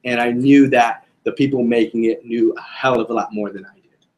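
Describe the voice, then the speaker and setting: A man's voice: mid-range voice, steady tone, a little fast, a little mellow. A young man giving a casual sales training talk to a group, joking and quizzing his listeners. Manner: casual, joking, addresses audience with questions.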